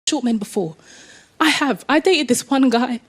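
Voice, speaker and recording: A woman of Jamaican heritage performing a stand-up comedy set, animated and laughing through her lines. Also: high-pitched, normal speed. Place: comedy club stage. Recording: live club recording with clear noise.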